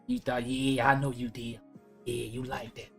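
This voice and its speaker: A man putting on a deep, slow, teasing voice, bragging about how his voice sounds after the gym. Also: little pitch movement, gravelly, soft background music, close to an everyday voice.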